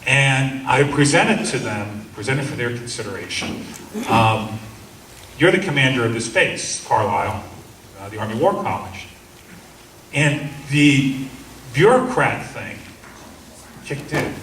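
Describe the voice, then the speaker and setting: A middle-aged man gives a seminar talk, earnestly telling a story and acting out the officers he quotes. His mid-range voice is animated, a little slow and a bit bright, with frequent pauses, recorded on a distant mic in a roomy seminar room with a faint hum.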